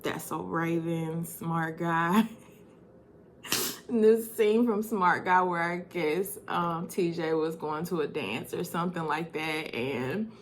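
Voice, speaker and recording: A woman in her thirties telling personal stories in a vlog, animated and laughing as she reminisces. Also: lowish voice, slow, slight background noise. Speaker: vlogger.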